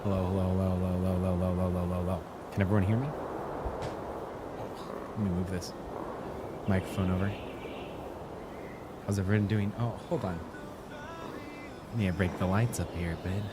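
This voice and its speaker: A man's voice: deep voice, fairly even intonation, fairly quick, pauses often, very noisy. A man hosting a live gaming stream from home, chatting casually and greeting viewers by name at a close desk mic. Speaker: gaming livestream host. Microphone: desk mic, moved close. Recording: music playing under the voice.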